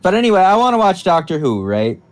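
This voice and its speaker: A man's voice: sits high, big pitch swings, fast talker, slight background noise. A young man from the United States, a podcast co-host, rambling through casual chat with lots of fillers. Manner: rambling, filler-heavy explaining.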